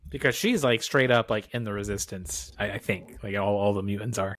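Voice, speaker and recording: A man's voice: on the low side, a little fast, a bit bright, no room sound. A man co-hosting a film podcast, talking in a laid-back, offhand way and reading bits of articles aloud. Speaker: podcast co-host. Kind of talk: casual film podcast chat.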